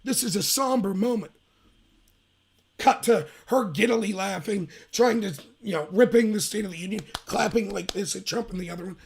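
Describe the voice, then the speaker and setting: A man's voice: high voice, normal speed, creaky, slightly rough. A man hosting a livestreamed political commentary show, talking emphatically and rambling, sometimes mocking quotes in a put-on voice.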